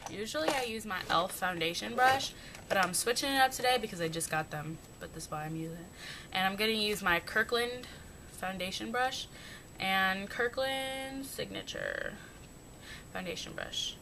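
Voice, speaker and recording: A young woman talks through her everyday makeup routine in a loose, rambling way, poking fun at herself as she goes. The home recording carries a clear background hiss with a low rumble. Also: moderate pace, bright, forceful tone, poor audio. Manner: chatty, rambling, self-mocking. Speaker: beauty vlogger. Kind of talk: casual makeup tutorial chat.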